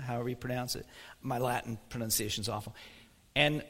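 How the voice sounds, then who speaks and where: A man's voice: mid-range voice, sing-song, fairly quick, fairly bright tone, big-room sound. A man preaching a sermon as pastor, in a conversational manner, asking the congregation questions. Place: church sanctuary.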